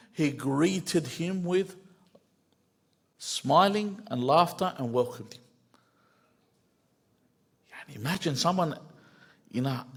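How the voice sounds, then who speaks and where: A middle-aged man giving a sermon, swinging between loud emphatic rises and quiet asides and quoting Arabic lines before translating them. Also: on the high side, breathy edge. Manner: quotes Arabic phrases then translates them. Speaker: sheikh giving a mosque lecture.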